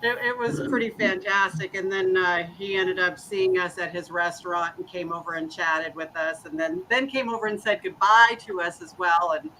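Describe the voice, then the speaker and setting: A woman's voice: on the low side, moderate pace, hardly any pauses, pushed and bright, slight background noise, rough recording. A woman in her fifties, co-host on a podcast, chatting casually in a candid, self-mocking way and swearing freely. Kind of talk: casual chat.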